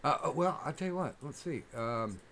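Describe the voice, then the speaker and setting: A man's voice: fairly high pitch, animated, moderate pace, fairly bright tone. A man hosting a podcast in casual chat, rambling and joking with many fillers. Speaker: podcast host. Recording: noisy recording.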